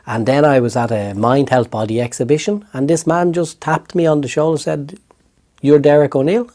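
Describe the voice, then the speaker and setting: A middle-aged Irish man, a therapist, recounting a personal story in an interview with lively restarts. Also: fairly high pitch, a little fast. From Ireland. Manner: animated storytelling with hesitant restarts. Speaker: guest, therapist.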